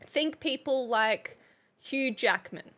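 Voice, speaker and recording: A woman's voice: high voice, lively intonation, slow pace, bright, forceful tone. A woman with a general Australian accent, hosting a mock classroom lesson on a live stream in a playful, chatty, teacherly way.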